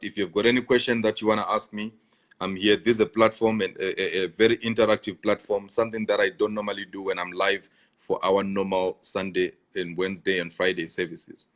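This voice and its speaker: A pastor with a lowish voice answers viewer comments on a live stream. He repeats himself for emphasis and laughs between points.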